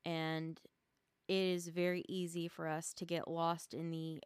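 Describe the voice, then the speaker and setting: A woman's voice: on the low side, flat delivery, unhurried, clear, resonant tone, dry recording. A woman hosting a casual solo podcast from her rural home, rambling and often stumbling over her words and restarting. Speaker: podcast host.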